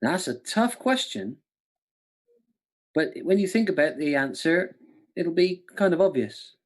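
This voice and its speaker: A man's voice: on the high side, sing-song, unhurried. A man hosting a quiz, jokey and playful, often laughing. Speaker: quiz host.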